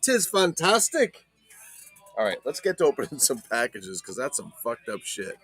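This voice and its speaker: Brief: male vlog host, medium pitch, excitable and foul-mouthed, rambling casual chat with a lot of pitch movement. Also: fairly quick, slightly rough, no room sound, faint music behind. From not Ireland. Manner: profane, enthusiastic, rambling. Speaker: collector vlogger.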